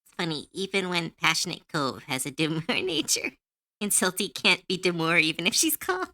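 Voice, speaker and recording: A woman's voice: lowish voice, animated, normal speed, pushed and bright, no echo, studio quality. Fired-up, foul-mouthed woman streamer. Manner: profane, heated ranting. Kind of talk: casual livestream chat while drawing. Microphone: close to a desk mic.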